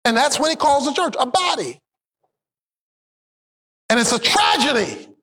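A pastor preaching a sermon, swinging between shouted, emphatic peaks and low asides, and having the congregation repeat his lines back. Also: sing-song, measured pace. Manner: call-and-response, has the congregation repeat lines.

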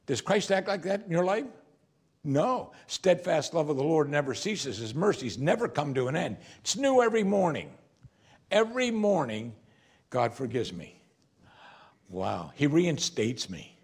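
Male pastor, husky voice, animated pitch, sermon delivery with direct questions to the congregation. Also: a little slow, pauses often. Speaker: preacher.

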